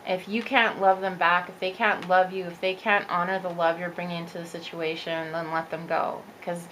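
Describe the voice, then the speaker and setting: A woman's voice: fairly low pitch, little pitch movement, moderate pace, fairly bright tone, slight background noise, rough recording. A woman giving a chatty, upbeat tarot reading, talking straight to her viewers as a spiritual coach. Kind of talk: casual tarot reading monologue.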